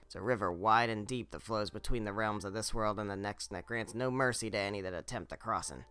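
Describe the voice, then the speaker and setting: A man putting on a gruff, tough old grandmother. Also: lowish voice, fast, bright, forceful tone, dry recording. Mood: stern. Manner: gruff, blunt.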